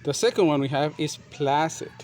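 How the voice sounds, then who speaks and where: A man teaching a grammar lesson, repeating and spelling out words slowly and deliberately. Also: on the high side, a little mellow. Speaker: English teacher.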